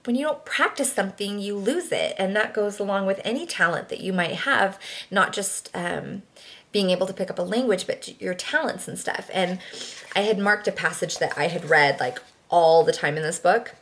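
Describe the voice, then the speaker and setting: A woman's voice: mid-range voice, moderate pace, fairly bright tone. A young woman chatting casually to camera, rambling with lots of fillers and restarts. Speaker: vlogger.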